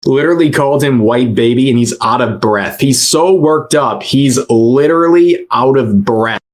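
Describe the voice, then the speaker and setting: A man's voice: medium pitch, moderate pace. A young man hosting a reaction stream, talking in a sarcastic, mocking way. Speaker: commentary streamer host. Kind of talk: reaction commentary.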